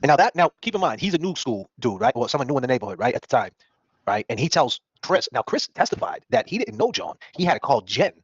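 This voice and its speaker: Fast-talking animated man. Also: medium pitch, husky, no echo. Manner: rapid, animated, acts out quoted people in put-on voices. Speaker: podcast host. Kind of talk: casual true-crime commentary. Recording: dull, dry lo-fi stream audio.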